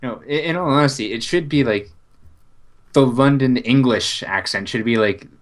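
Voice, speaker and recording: A man's voice: mid-range voice, moderate pace. A man co-hosting a casual chat show, making dry wisecracks. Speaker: co-host.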